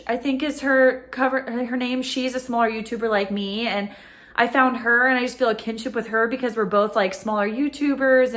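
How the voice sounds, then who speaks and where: A woman's voice: a little high, fairly bright tone. A woman vlogging to her phone camera at home, gushing and emotional, with lots of fillers. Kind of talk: casual chat to camera.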